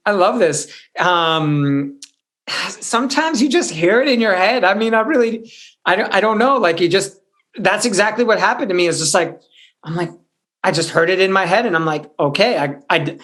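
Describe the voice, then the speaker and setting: A man with a fairly high speaking voice, a hip-hop artist on a radio talk show. He speaks casually and feels his way through his answers, restarting and filling with "like" as he thinks. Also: animated, normal speed, fairly bright tone. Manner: loose and searching, many "like"s and restarts.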